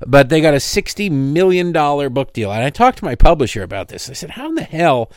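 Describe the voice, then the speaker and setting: A man's voice: fairly high pitch, lively intonation, fast, no echo, studio quality. A middle-aged man hosting a political talk show, delivering an opinionated monologue with sarcastic asides and tangents. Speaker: radio talk show host.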